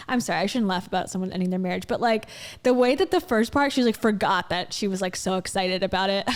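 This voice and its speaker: A woman's voice: mid-range voice, normal speed, smooth. A woman hosting a livestream, chatting casually and with amusement as she reacts to a video. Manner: chatty and amused, with many fillers. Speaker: livestream host.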